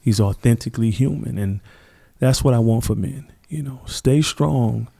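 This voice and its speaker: Earnest man with a mellow, warm voice. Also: mid-range voice, moderate pace, gravelly, slightly rough. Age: middle-aged. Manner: earnest, reflective, acts out quoted people. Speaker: podcast guest. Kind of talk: conversational interview storytelling.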